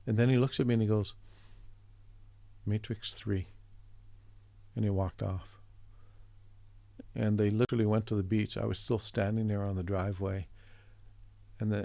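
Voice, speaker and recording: A middle-aged man from Canada, an artist guest telling a story in a chatty, relaxed way, acting out the voices of the people in it. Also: lowish voice, normal speed, vocal fry, no room sound. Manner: chatty, acts out quoted voices, chuckles often.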